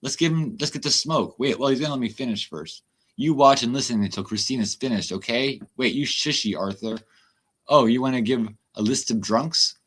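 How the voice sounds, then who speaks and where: A man's voice: mid-range voice, a little fast, a bit bright, husky. Guy on a live stream ranting and cussing a lot, chatty with viewers. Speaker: livestreamer. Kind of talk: livestream rant.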